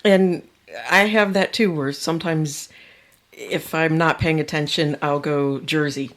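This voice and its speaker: A woman's voice: low-pitched, unhurried, a bit bright. A woman hosting a podcast in casual chat, chatty and self-deprecating. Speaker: podcast host.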